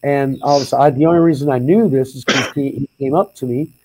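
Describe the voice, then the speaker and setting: A man's voice: mid-range voice, fairly even intonation, quick pace, a little mellow, breathy edge, no echo, poor audio. A man co-hosting a podcast, telling stories in a rambling, casual way with many restarts. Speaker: podcast co-host. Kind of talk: casual chat.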